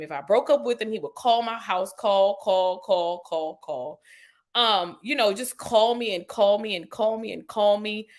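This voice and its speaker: A woman, a podcast guest telling a personal story in a lively way, acting out quotes with sudden jumps in pitch and using lots of "you know" and "like". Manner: animated retelling, acts out quotes with sharp pitch jumps; frequent "you know" and "like" fillers.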